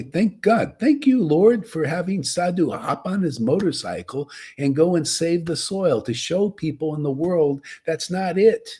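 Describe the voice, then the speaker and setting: A man's voice: a little high, darkish tone, breathy edge. A man giving a rambling, casual devotional talk as a spiritual teacher.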